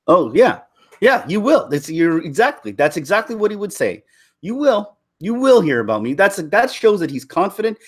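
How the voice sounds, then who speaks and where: A man giving casual, rambling commentary on films, often losing his thread, laughing, and mimicking characters. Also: medium pitch. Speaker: YouTuber.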